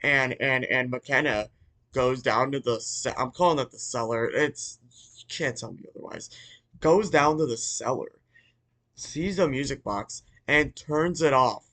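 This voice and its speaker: A man giving a casual, rambling movie recap, swearing freely, restarting sentences and breaking into sudden loud outbursts. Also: mid-range voice, measured pace. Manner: rambling, profane, with many restarts. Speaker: movie reviewer.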